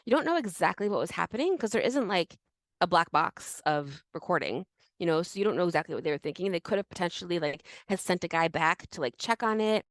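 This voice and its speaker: A young woman co-hosting a casual history podcast, animated and full of fillers. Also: on the low side, no echo. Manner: animated, many fillers and restarts. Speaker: podcast co-host.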